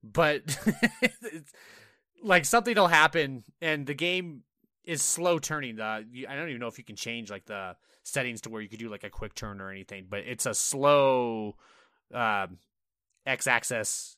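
Man, podcast co-host, bright forceful voice, animated, swears a lot, casual gaming chat, dry close mic. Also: mid-range voice, unhurried, clean tone, dry recording. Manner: animated storyteller, swears, acts out his own reactions.

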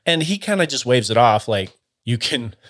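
A man telling a story casually, in a loose, halting way full of fillers and restarts. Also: medium pitch, sing-song, fairly bright tone.

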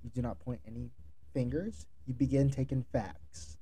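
Man, very dark mellow voice, podcast host, direct coaching tone, instructive. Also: medium pitch, fairly even intonation, moderate pace, a little hiss or hum. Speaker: podcast host, restaurant manager. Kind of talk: solo podcast monologue giving advice.

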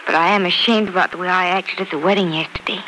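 An anxious young woman pleading and fretting in an old radio play. An actress plays her. Clear hiss runs under the old broadcast recording. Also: lowish voice, fairly even intonation, fast, lightly acted. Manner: pleading, emotional. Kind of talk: 1940s radio acting.

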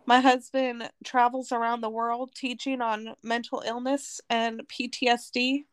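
A woman's voice: on the high side, level tone, a little slow, smooth, dry recording. Earnest woman from Arizona telling her story. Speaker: podcast guest. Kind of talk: personal testimony in conversation.

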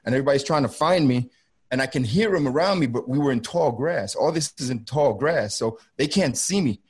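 A man's voice: mid-range voice, lively intonation, slightly rough. Intense middle-aged man recounting a fight. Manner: intense, halting, repeats himself. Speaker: former federal border agent, guest. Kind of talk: first-person storytelling on a video call. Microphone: video call.

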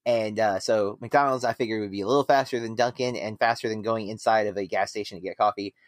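A man's voice: on the low side, steady tone, fast talker, no echo, clean studio sound. A man hosting a film podcast, chatting casually and rambling with lots of fillers and restarts. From United States. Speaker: podcast host. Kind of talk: casual chat.

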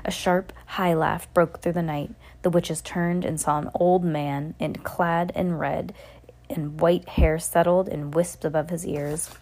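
A woman's voice: on the low side, steady tone, unhurried, a little mellow. A woman hosting a kids' reading podcast, reading a storybook aloud with playful asides to a child. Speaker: podcast host reading to kids.

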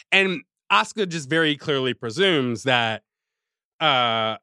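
A man co-hosting a podcast in casual chat, animated and laughing often, recapping episodes on a close mic. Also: mid-range voice, dry recording. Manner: animated, laughing, slips into quick character voices. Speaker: podcast co-host recapping an anime.

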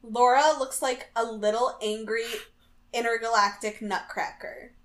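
Wry woman co-host, fairly high voice. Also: fairly even intonation, unhurried. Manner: wry, reads out scores and jokes dryly, laughs along. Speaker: podcast co-host. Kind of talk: casual chat recapping a TV show.

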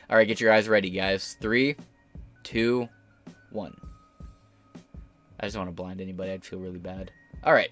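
A man's voice: low-pitched, steady tone, normal speed, long pauses, a bit bright, soft background music. Crude, sarcastic male podcast host. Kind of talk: profane live-stream commentary.

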